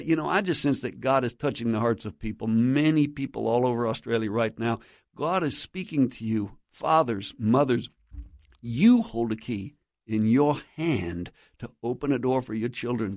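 A man delivers sermon-style teaching as a radio guest, urging his listeners on with earnest conviction. His voice carries a steady gravelly texture. It sits close and dry against the microphone, with no room sound around it. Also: medium pitch, no echo. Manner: earnest, exhorting, preacherly. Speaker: guest speaker on Christian radio.

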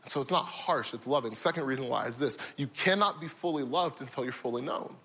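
A young man preaching a sermon, retelling a story with lively swings between loud, high character voices and quiet, low reflection. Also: fairly quick, husky. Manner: animated storytelling, voicing characters with big pitch swings. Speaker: pastor.

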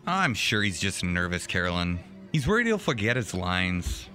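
An actor playing a relaxed, reassuring small-town husband in an audio drama. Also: male voice, low voice, normal speed, soft background music, heavily acted.

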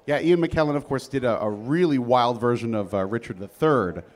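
A man's voice: mid-range voice, normal speed. A man hosting a live podcast taping, talking in a rambling, playfully teasing way. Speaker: host.

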